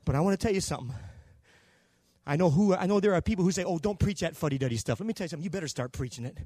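An older man preaching a Pentecostal sermon in a very high, lively voice that climbs and drops sharply. He swings from near whispers to shouts as he acts out his story. The sound is dry and close. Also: rapid-fire, no room sound. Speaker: pastor.

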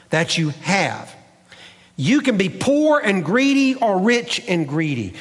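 A man's voice: sits high, a bit bright, long reverb tail. A man preaching a sermon as pastor, with an emphatic, repetitive preaching cadence, recorded in a church sanctuary.

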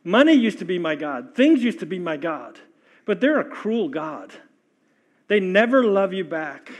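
A man's voice: high voice, sing-song, a little slow, highs cut off, exaggerated voice. A man voicing a repentant male tax collector who has given up his love of money, speaking earnestly and plainly.

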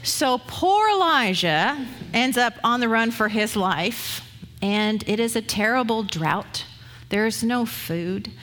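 A woman's voice: a little high, animated, slow, a bit bright, a little hiss or hum. A woman pastor preaching a sermon, retelling scripture stories in a conversational, storytelling way.

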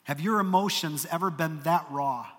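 A man's voice: a little high, moderate pace, a bit bright. A man preaching a sermon as pastor, emphatic and earnest, with dry humorous asides. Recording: long reverb of a large hall.

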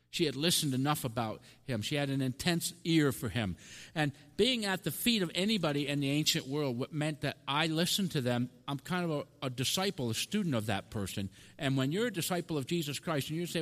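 A man preaching a sermon as pastor of a city mission, impassioned, dropping to hushed tones and rising to loud cries. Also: a little high, brisk. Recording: long hall reverb.

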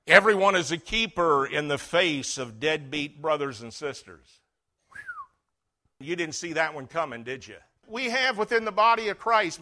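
A middle-aged male pastor preaching a folksy sermon, telling stories and swinging from loud emphasis to hushed tones. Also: mid-range voice.

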